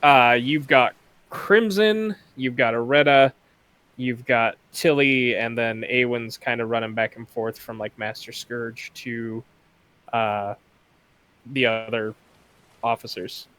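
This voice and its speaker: A man narrating a tabletop game as game master, in a relaxed, laid-back way. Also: mid-range voice, slow pace, clear, resonant tone, no echo.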